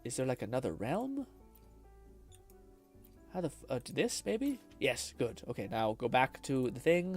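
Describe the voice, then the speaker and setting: A man's voice: mid-range voice, very animated, unhurried, pauses often, faint music behind. A man streaming a video game, chatting casually, swearing often and laughing a lot. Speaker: gaming streamer. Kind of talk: casual live-stream commentary.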